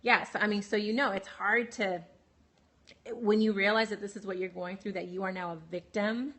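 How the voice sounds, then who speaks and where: A woman of middle pitch speaks into a phone on a live broadcast. She tells her own story in a candid way, full of fillers and restarts and broken by quick laughs. She stops now and then to answer viewers by name. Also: steady tone, a bit bright. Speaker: livestream host. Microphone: phone livestream.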